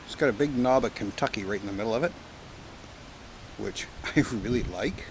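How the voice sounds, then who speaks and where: A man's voice: fairly low pitch, brisk, rough recording. Rambling, joking man at a windy campsite. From Canada. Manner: rambling, joking, profane, chatty. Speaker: pipe-smoking vlogger. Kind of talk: casual outdoor vlog chat. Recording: outdoor recording with clear wind and background noise.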